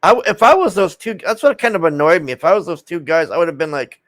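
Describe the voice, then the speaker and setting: A man's voice: fairly high pitch, animated, fast, few pauses, fairly bright tone, dry recording. Profane, exasperated man ranting to camera. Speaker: video host. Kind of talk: casual ranting commentary.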